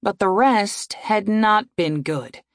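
A woman reading a fantasy story aloud in a measured, expressive narration. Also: mid-range voice, no echo, studio quality. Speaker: audiobook narrator.

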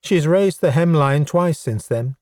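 A man voicing a proud, eager male goblin science officer in an audiobook, lifting his pitch for the character. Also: lively intonation, a little slow, darkish tone, no echo, studio quality.

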